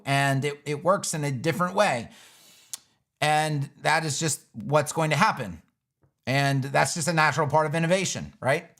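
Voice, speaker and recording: A man hosting a casual livestream Q&A, talking emphatically, swearing casually and acting out users in quick little voices. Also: fairly high pitch, fairly bright tone. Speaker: web design educator and livestream host.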